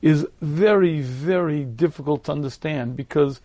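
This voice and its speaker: Male Torah lecturer, slightly high voice, dry recording, steady teaching delivery with frequent throat-clearing. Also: no echo. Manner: measured, explanatory delivery.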